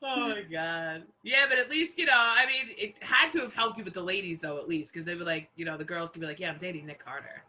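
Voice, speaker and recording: A young woman hosting a casual comedy chat, telling stories with big laughs and lively, animated delivery. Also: fairly low pitch, fairly quick, hardly any pauses. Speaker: host.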